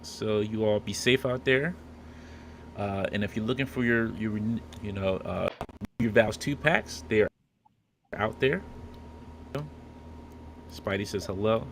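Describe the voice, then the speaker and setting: A man's voice: lowish voice, measured pace, pauses often, a little hiss or hum. A man hosting a casual podcast, joking and rambling with many restarts. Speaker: podcast host. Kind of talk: casual chat.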